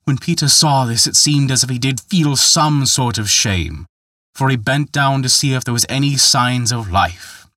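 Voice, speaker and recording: A man's voice: normal speed, pushed and bright, no room sound, clean studio sound. A man narrating a folktale in a scripted, dramatic telling. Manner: dramatic, raises pitch and volume for quoted characters. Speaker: storyteller.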